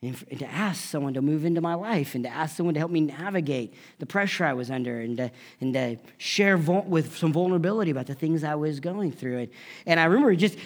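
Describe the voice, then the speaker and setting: A middle-aged male pastor preaching a sermon in a fairly high voice. He tells a personal story in a conversational way, climbing into loud, emphatic peaks and then falling to a near whisper. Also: animated, a little fast.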